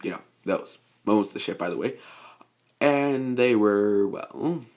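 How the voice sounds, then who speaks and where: A man's voice: lowish voice, animated, a little slow, darkish tone. A young man improvising a fan-made story, rambling and restarting with lots of fillers. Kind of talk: improvised fan-fiction narration.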